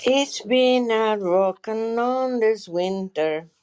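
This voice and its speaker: A woman's voice: fairly high pitch, slow, a little mellow, smooth. A woman student in an online pronunciation lesson, hesitant and apologetic.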